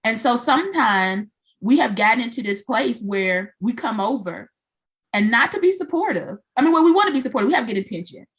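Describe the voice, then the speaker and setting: A woman's voice: fairly high pitch, a little fast. A woman co-hosting a faith-based chat, telling her stories with animation and acting out what people said. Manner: animated storyteller, acts out quotes. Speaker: podcast co-host.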